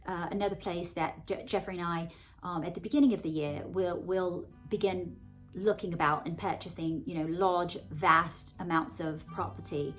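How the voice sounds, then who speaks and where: A woman in her forties with a Southern American accent put on as British RP, rambling chattily and effusively to her viewers. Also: fairly low pitch. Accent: American Southern with a put-on British RP polish. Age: 40s. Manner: gushing, effusive, chatty with many fillers. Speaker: author and vlogger. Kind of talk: rambling casual monologue to viewers.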